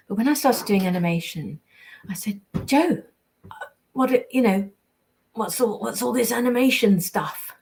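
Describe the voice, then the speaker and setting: A woman's voice: lowish voice, a little mellow, husky. A woman voice actress chatting casually on a livestream while signing prints, reading fan messages aloud, trailing off and dropping into whispered asides. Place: indoors at a signing table.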